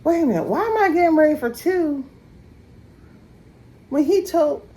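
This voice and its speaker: A young woman chats to camera at a moderate pace while going between rooms of her home, poking fun at herself and laughing. Her animated voice swoops high in teasing moments. The audio quality is poor.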